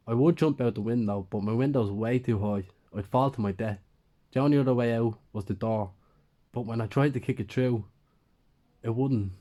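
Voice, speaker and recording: A man's voice: mid-range voice, normal speed, warm tone. A man narrating a first-person horror story in a plain, conversational way.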